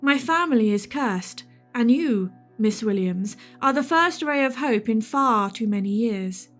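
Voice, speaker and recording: A woman's voice: fairly high pitch, animated, measured pace, fairly bright tone, soft background music. Woman voicing a refined English ghost lady. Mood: pleading. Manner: formal, pleading.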